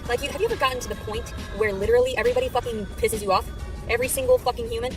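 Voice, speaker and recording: A woman's voice: fairly high pitch, sing-song, racing, over music. A woman in a filmed clip ranting angrily with constant swearing. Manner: ranting, furious, heavily profane. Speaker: vlogger in clips. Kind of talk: angry monologue to camera.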